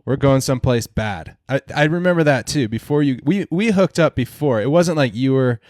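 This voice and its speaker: A man's voice: on the high side, expressive, fairly quick, a little mellow, no echo, clean studio sound. A man who is a pilot recalls a mission in casual podcast talk, often repeating himself as he remembers. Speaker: guest, A-10 pilot.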